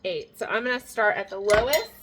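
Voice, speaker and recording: A woman in her thirties, a homestead cooking vlogger, chats casually to the camera while cooking in her home kitchen, laughing at her own mistakes. Her medium-pitched voice is fairly bright and a little fast, with slight background noise.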